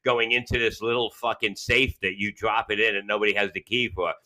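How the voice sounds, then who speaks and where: Bright-toned low-voiced man swearing freely. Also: steady tone, fairly quick. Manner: blunt, swears a lot, retells his own rehab arguments. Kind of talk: casual podcast chat.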